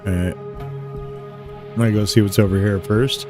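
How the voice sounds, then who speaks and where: A man's voice: lowish voice, fairly even intonation, moderate pace, over music. A man giving gameplay commentary with mild, critical asides. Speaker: let's play host.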